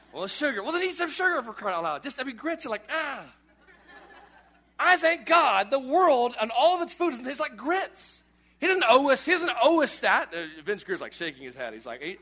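Bright, high-voiced man preaching a sermon. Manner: animated, conversational preaching with jokes. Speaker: pastor.

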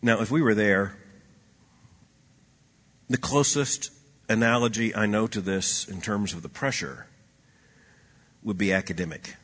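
A man preaching a sermon, swinging between loud emphatic lines and hushed low asides, with a husky voice. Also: measured pace, pauses often. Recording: long hall reverb.

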